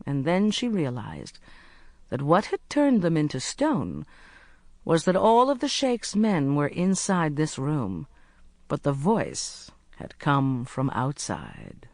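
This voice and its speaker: An audiobook narrator reading a mystery novel in a measured, expressive storytelling manner, close to the microphone. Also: medium pitch, creaky, no echo.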